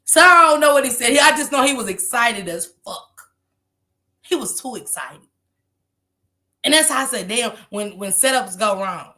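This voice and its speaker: A woman hosts a casual commentary livestream, laughing and gossiping with profane energy. Her voice sits high and sounds bright and sharp. She rambles, apologizes, and keeps cracking herself up. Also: animated, moderate pace, long pauses. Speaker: livestream host.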